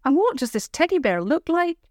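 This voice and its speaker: A woman voicing a fierce, stubborn little girl who wants to be a knight, speaking high and defiant. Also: sing-song, a little fast, a little mellow, no room sound, studio quality.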